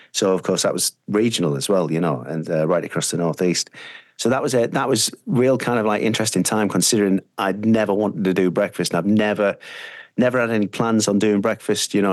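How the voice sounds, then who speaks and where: A middle-aged Teesside man rambles through career stories, restarting sentences with plenty of fillers. His voice sits low, and the recording is dry and close. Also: no room sound. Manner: rambling, anecdotal, frequent fillers. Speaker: radio presenter, guest. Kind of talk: casual interview storytelling.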